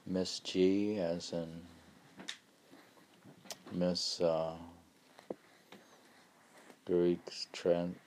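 A man's voice: low voice, flat delivery, drawn-out words, long pauses, darkish tone, a little hiss or hum. A man reading a philosophy text aloud and chatting, stumbling over Greek names. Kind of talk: reading aloud and casual chat.

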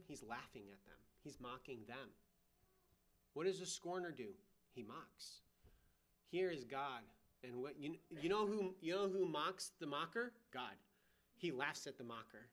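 A man's voice: fairly high pitch, fairly bright tone. A middle-aged man preaching a sermon as a guest speaker, conversational and emphatic, with wry asides and rhetorical questions.

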